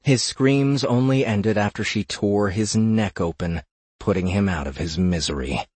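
A man narrating a fantasy audiobook with steady, measured storytelling. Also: fairly low pitch, slightly rough, dry recording.

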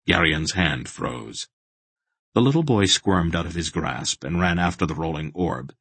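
Deep husky male audiobook narrator. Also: expressive, unhurried, fairly bright tone, dry recording. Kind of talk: scripted fantasy narration.

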